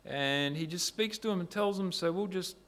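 A man's voice: sits high, moderate pace, a bit bright, voice pushed up. A man acting out a group of flustered men who are unsure what to do, in a sermon. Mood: bewildered.

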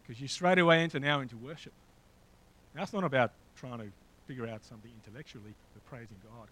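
A man's voice: medium pitch, fast, pushed and bright, a little hiss or hum, poor audio. A man preaching a sermon in a conversational way, with frequent fillers and asides. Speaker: pastor. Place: church hall with a slideshow.

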